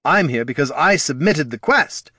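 A man's voice: fairly high pitch, expressive, normal speed, bright, forceful tone, husky, no echo, clean studio sound, pitched above the performer's own voice, exaggerated voice. A man voicing a drunk, cynical male knight commander who talks in a sardonic, weary way, in a fantasy audiobook. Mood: snarling.

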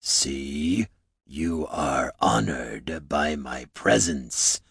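Man playing a hulking orc chief, slow, deep rumble, pompous, storybook. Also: animated, vocal fry, a bit bright, breathy edge, no echo, clean studio sound, exaggerated voice. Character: huge menacing male orc chieftain.

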